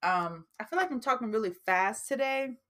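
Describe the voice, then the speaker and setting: A slightly high, expressive voice with a bit of brightness belongs to a New Jersey-accented woman from New Jersey who hosts a casual podcast offering faith-based advice. At a moderate pace, she chats on, often repeating herself and filling gaps with fillers.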